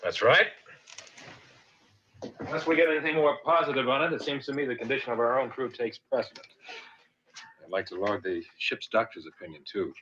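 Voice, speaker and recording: A man's voice: mid-range voice, brisk, pauses often, pushed and bright, lo-fi sound, lightly acted. An actor playing a weary male starship captain in a 1960s TV drama, clipped and tired, burdened by command. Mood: brisk. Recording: old TV clip with faint noise.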